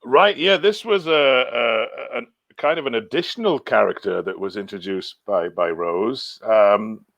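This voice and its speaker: Gravelly-voiced man chatting loosely. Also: mid-range voice, a little slow, few pauses, a bit bright, dry recording, highs cut off. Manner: rambling, trailing off, chuckling. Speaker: guest singer. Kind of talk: casual chat.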